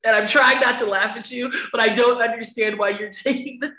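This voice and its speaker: Bright-voiced laughing woman in echoey room. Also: a little high, fairly even intonation, a little fast. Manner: laughs often, emphatic, frank with profanity. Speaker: podcast guest. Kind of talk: candid conversational interview.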